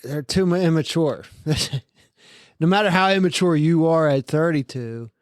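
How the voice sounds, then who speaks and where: A man's voice: a little high, normal speed, dry recording, clean studio sound. A man in his thirties hosting a casual podcast chat, laughing often and teasing his guest with crude jokes. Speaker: podcast host.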